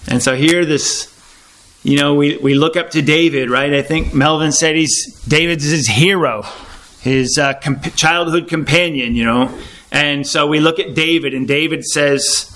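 A middle-aged man preaching a sermon, reading scripture slowly and then explaining it in a plain, casual way. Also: fairly high pitch, a bit bright, poor audio.

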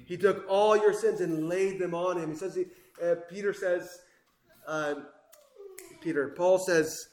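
A man preaching a sermon with passion, swinging between loud emphasis and hushed asides. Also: high voice, steady tone, a little slow, reverberant.

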